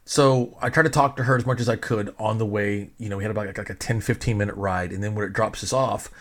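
A man's voice: on the low side, steady tone, fast. A middle-aged man casually telling a personal story in a rambling, self-mocking way, swearing freely.

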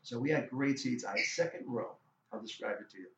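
A middle-aged man, a guest musician, telling a story in a casual interview, animated and full of restarts and stammers. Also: medium pitch, a little fast. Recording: roomy, dull lo-fi sound.

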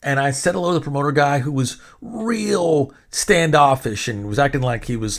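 A man's voice: mid-range voice, lively intonation, moderate pace, few pauses. A man hosting a podcast, telling a long story in casual chat, rambling and indignant, swearing freely and restarting his sentences. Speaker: podcast host.

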